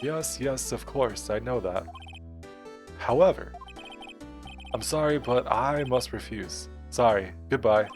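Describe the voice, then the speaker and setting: A man voicing a pompous, evasive older male lawyer in a slow, self-important low voice, over game music.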